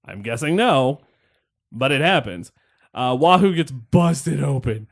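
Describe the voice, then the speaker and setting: A man's voice: medium pitch, lively intonation, a little slow, gravelly. A man hosting a podcast, rambling through a wrestling match recap in casual chat, wry and laughing, with the odd swear. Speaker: podcast host.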